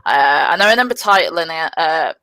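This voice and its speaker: A young woman telling a gaming story on a podcast, animated and swearing freely, with lots of fillers. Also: low-pitched, normal speed, no echo. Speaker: podcast guest, gamer. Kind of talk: casual storytelling.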